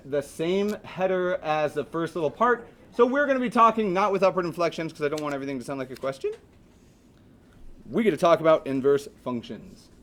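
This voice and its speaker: A man's voice: sits high, a bit bright. A man teaching a math class in a classroom, chatty and joking, asking his students questions as he lectures.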